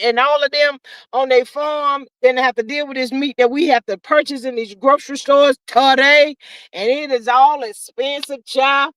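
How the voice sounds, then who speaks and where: A woman hosting a casual livestream, reading chat comments aloud and riffing on them with sassy, animated commentary, calling viewers "child" and "honey.". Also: sits high, no room sound.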